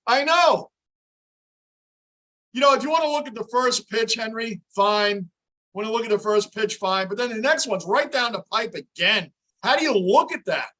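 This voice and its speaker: Reading viewer comments aloud and responding to questions in real time, a livestream host keeps up a brisk, chatty fan reaction, rooting for the players. He's a middle-aged man whose high voice comes across bright and forceful.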